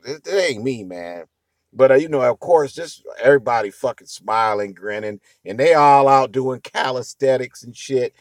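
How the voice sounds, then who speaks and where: A middle-aged man tells a rambling story for his vlog in slangy, profane talk and animated bursts. His voice sits at an ordinary pitch. The sound is dry, with no room echo around it. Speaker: vlogger.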